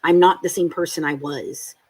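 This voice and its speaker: Woman, husky voice, casual livestream chat, blunt, swears, animated quotes. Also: deep voice, moderate pace, dry recording. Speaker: podcast co-host.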